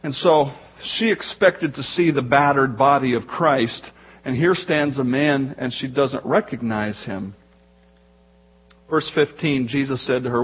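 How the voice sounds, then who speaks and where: A man preaching a sermon as pastor, telling the story in a lively way and acting out the voices in the quotes. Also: mid-range voice, a little slow, breathy edge, dull audio.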